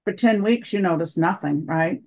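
A woman's voice: fairly low pitch, moderate pace, darkish tone. A woman recounting a personal story in an interview, acting out the dialogue of the people in it. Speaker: guest, wife of the other guest.

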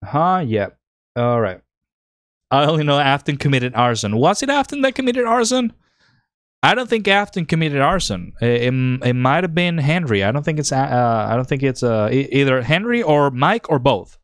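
A man's voice: mid-range voice, moderate pace, no room sound, studio quality. Rambling male game streamer. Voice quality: rambling and excited. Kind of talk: live-stream commentary.

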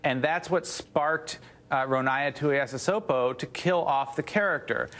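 Hedging male editor, slightly high voice. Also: measured pace, fairly bright tone. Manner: hedging, many restarts and "you know". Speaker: news site editor, guest. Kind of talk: TV news interview.

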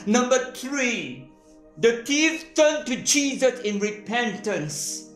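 A woman preaching a sermon in short, measured phrases, pausing for an interpreter. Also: a little high, very animated, reverberant, soft background music.

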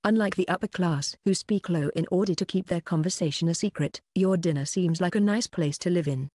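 An audiobook narrator reads a web novel evenly and without hurry in a mid-pitched voice. The recording is close and dry, with no room sound and no echo.

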